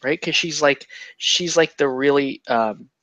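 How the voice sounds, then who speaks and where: A man's voice: on the high side, measured pace, a bit bright, dry recording. Man chatting on a painting stream, rambling. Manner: rambling, joking, with many restarts and laughs. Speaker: host of a miniature painting stream. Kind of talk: casual chat. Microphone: headset.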